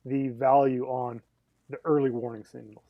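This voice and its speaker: A man's voice: mid-range voice, level tone, moderate pace, no echo, narrow, tinny audio. A man on a podcast giving his view bluntly, swearing and checking that the others agree. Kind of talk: casual podcast discussion.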